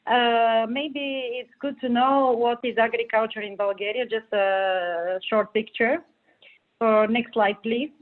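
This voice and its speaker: A woman chairs an agricultural institute and presents on a panel, slowly searching for her words. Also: a little high, steady tone. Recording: tinny phone-like line.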